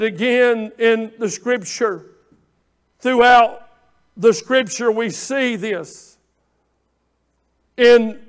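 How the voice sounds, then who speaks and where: A pastor preaching a sermon with passion, swinging from quiet pleading to shouting and often repeating words as he builds. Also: very high voice. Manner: repeats words and restarts phrases.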